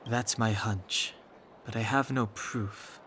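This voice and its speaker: An actor voicing a calm, thoughtful man in a game, speaking in a measured, reflective way. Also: fairly low pitch, a little hiss or hum.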